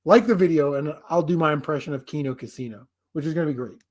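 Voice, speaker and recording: A man's voice: on the high side, fast talker, darkish tone. A man hosting a casual live stream, rambling, swearing and making fun of himself. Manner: rambling, profane, self-deprecating. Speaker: livestream host.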